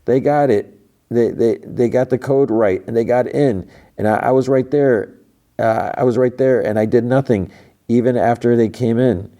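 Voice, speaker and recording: A man's voice: medium pitch, warm tone, voice pushed up, lightly acted. Man putting on a stammering scared young man. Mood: anxious. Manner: stammering, halting. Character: frightened stammering young man, guilt-ridden.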